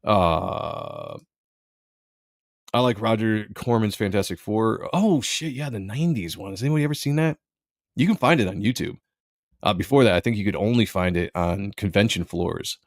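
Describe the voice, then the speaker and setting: A man's voice: lowish voice, lively intonation, normal speed, no echo, clean studio sound. A man hosting a live stream, giving blunt, sarcastic commentary and reading viewer comments aloud. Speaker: live show host.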